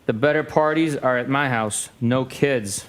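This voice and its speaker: A man reading an exchange of text messages aloud in a flat, matter-of-fact way. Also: mid-range voice, measured pace.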